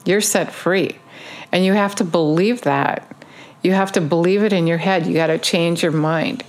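A woman's voice: on the low side, moderate pace. A woman giving a casual video sermon, urging listeners in earnest, repetitive phrases with frequent ums. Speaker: online preacher.

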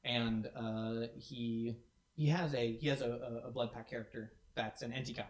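A man's voice: mid-range voice, steady tone, normal speed. A man co-hosting a community stream, talking casually and enthusiastically with many restarts. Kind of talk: casual chat. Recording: echoey room.

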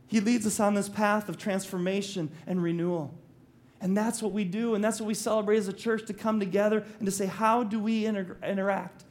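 A man's voice: sits high, moderate pace, darkish tone. A male pastor preaching a sermon, telling the story animatedly, acting out quotes and slipping in jokes.

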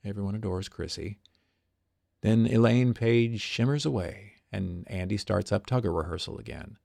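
A man with a low, gravelly voice reads his own diary aloud, wry and observant, and drops in small asides. The recording is close and completely dry. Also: moderate pace, mellow, dry recording. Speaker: stage performer and diarist.

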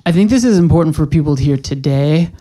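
A man's voice: a little high, lively intonation, fast, mellow. A man hosting an interview podcast, affirming his guest often and thanking him eagerly. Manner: eager, affirming interviewer with frequent "okay" and "wow". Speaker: podcast host. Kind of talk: conversational interview.

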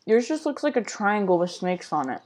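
A woman's voice: mid-range voice, very animated, fairly quick, a little mellow. A young woman co-hosting a podcast, chatting casually and teasing her friend in a playful way. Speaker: podcast co-host. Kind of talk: casual chat.

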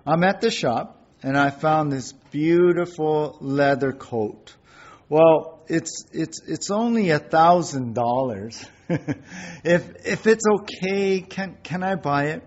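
A man voicing an excited wife shopping on the phone, gushing and stammering as she asks for things. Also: on the high side, slow, muffled recording.

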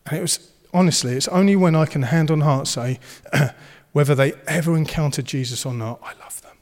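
A man's voice: fairly high pitch, a little fast, darkish tone, long reverb tail. A man preaching a sermon, earnest and encouraging, and he slips into playful banter. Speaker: pastor.

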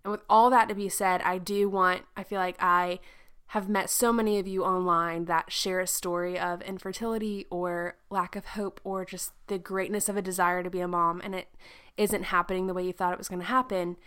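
A young woman chats casually as a podcast host, her voice sitting a little low for a woman. She talks freely, laughs often and now and then breaks into playful sound effects. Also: level tone, brisk, fairly bright tone, clear, resonant tone. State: pregnant. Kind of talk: casual chat.

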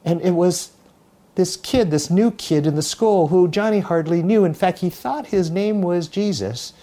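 Mellow-voiced preacher telling a parable. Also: male voice, high-pitched, a little slow. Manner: storytelling, conversational. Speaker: pastor. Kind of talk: sermon.

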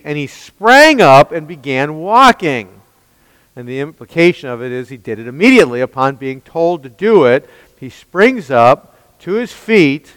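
A man's voice: on the high side, big pitch swings, moderate pace, fairly bright tone, clean tone, no room sound, in a large hall, poor audio. A man preaching an expository sermon, emphatic and pressing his listeners with rhetorical questions. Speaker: pastor.

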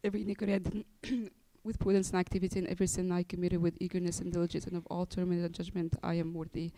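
A reader reciting penitential prayers in a quick, monotone way, with small stumbles. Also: mid-range voice, slight background noise, low-quality recording.

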